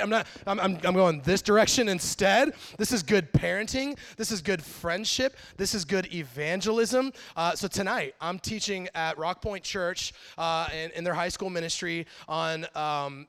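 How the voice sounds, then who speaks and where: A man in his thirties preaching a sermon in a church, telling stories in a lively, animated way and acting out quotes. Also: high-pitched. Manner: animated storytelling, acts out quotes. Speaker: pastor. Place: church sanctuary. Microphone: handheld or headset mic.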